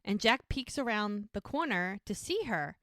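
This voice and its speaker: A woman's voice: mid-range voice, lively intonation, a little slow, a bit bright, no room sound, clean studio sound. A woman co-hosting a podcast, chattily retelling a TV episode with lots of fillers and feeling. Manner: chatty storyteller, emotional, many fillers. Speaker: podcast co-host. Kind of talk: casual chat recapping a TV episode.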